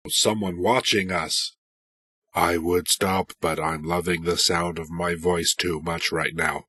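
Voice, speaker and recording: A man, hoarse from a cold, ad-libbing silly halting broken-English lines while dubbing a cartoon. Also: deep voice, steady tone, bright, forceful tone. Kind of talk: comic dubbing over a cartoon. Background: cartoon soundtrack music.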